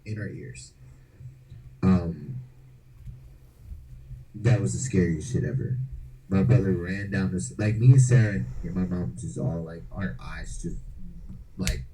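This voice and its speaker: Very deep, dark-voiced male podcast host. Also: unhurried, long pauses, slight background noise, low-quality recording. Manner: loose and profane, slangy fillers. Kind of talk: casual storytelling.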